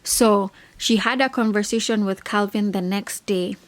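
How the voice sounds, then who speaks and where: A woman's voice: mid-range voice, moderate pace. A young woman giving a casual, opinionated reality TV recap, full of "like" and slang. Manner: chatty, opinionated, heavy on "like". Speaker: reality TV reviewer.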